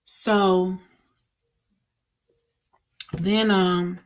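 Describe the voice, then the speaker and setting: Earnest woman, low voice, rambling testimony. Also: flat delivery, very slow. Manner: earnest, rambling, with many fillers and restarts. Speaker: vlogger sharing a faith testimony. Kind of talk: casual personal testimony.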